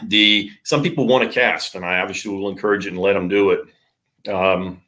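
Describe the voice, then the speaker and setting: A middle-aged man, a surf fishing charter captain, explaining gear in a relaxed, practical way with plenty of fillers. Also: deep voice, moderate pace. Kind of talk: casual podcast interview.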